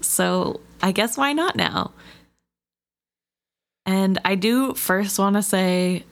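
A woman's voice: medium pitch, slow, pauses often. A woman co-hosting a book discussion, casually raising questions and joking with her co-host.

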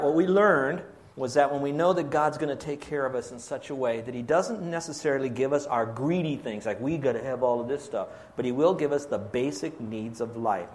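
A pastor preaching a sermon, asking his congregation questions and drawing out key words slowly. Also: a little high.

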